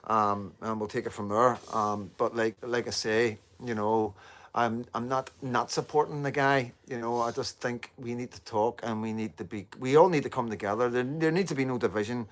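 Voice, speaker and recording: Northern Irish man, rambling live-stream talker, fillers and swearing, mid-pitched everyday voice. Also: steady tone, normal speed. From Northern Ireland. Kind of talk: casual live stream monologue.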